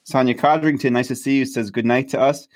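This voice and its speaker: A man hosting a live stream, praying for viewers and reading their messages in an earnest, steady way. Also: medium pitch, a little fast.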